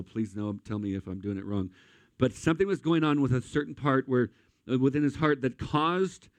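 Male pastor, mid pitch, earnest storytelling sermon delivery, dry close recording. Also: no echo. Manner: emotional storytelling, addresses audience as guys and friends.

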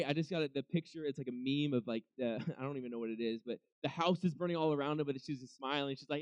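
On a dry recording, a young man delivers a laid-back devotional talk in a voice on the high side at a brisk pace. He speaks conversationally, frequently restarts, and voices the things people might say to God.

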